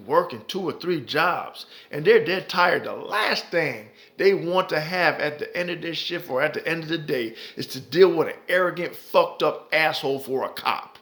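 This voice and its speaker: Male commentary vlogger: heated, profane delivery, slightly raised pitch, hammers points through repetition. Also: a bit bright. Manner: profane, heated, repeats himself for emphasis. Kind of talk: impassioned ranting commentary.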